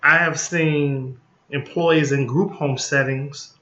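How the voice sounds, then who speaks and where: A man's voice: a little high, fairly even intonation, takes it slowly, pushed and bright. A man giving an informal training talk as a licensing consultant, blunt and folksy, repeating his points and checking in with "okay?". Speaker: group home licensing consultant. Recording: echoey, slightly muffled room.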